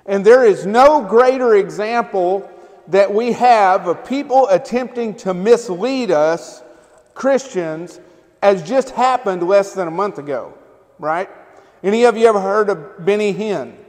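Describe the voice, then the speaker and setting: Unhurried and high-voiced with a darkish tone, a male pastor gives a relaxed, conversational sermon, often turning to the congregation with "right?" and "amen?". The recording comes from a church sanctuary with long hall reverb.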